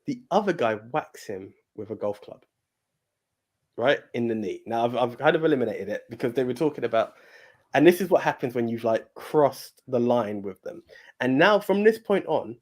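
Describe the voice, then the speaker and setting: A man's voice: mid-range voice, expressive, normal speed. A man co-hosting a podcast, retelling a film in casual chat with stammering repeats and casual swearing. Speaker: podcast co-host.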